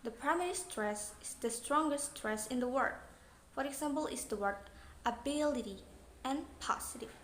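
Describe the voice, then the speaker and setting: Young Indonesian woman, student presenter, high voice, reads a lesson in a roomy space with faint hiss. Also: normal speed. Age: young adult. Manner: plain, read-aloud explaining. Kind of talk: reading an English pronunciation lesson. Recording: echoey room, faint noise.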